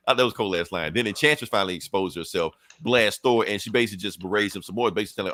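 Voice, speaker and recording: A man hosting a podcast, recapping a comic in a casual, animated way, swearing freely and briefly acting out characters' lines. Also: lowish voice, fast, no room sound. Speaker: podcast host.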